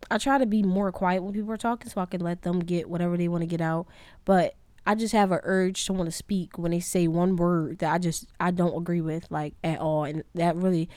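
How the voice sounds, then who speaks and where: A woman's voice: on the low side, fairly even intonation, fairly quick, a little mellow, clean tone, no room sound. A young woman hosting a podcast, talking through her own flaws in a candid, rambling, self-critical monologue. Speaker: podcast host. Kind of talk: casual reflective monologue.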